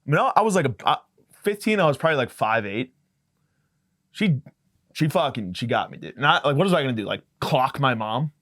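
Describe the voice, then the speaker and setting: A man's voice: mid-range voice, sing-song, brisk, a bit bright, no echo, clean studio sound. A man hosting a podcast, telling rambling, profane, self-mocking stories in a casual comedic way. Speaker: podcast host.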